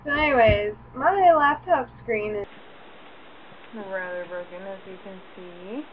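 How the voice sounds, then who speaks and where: A woman's voice: unhurried, a crowd in the background. Young woman vlogging through a tinny mic. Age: young adult. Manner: chatty, coos to her dog in a high voice. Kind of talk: casual chat. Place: home room. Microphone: laptop webcam mic. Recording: tinny lo-fi webcam audio with hum.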